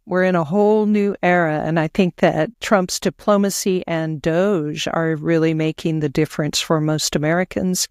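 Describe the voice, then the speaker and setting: A man co-hosting a political talk show, offering agreeable, brisk commentary. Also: fairly high pitch, smooth, dry recording, clean studio sound. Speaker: co-host.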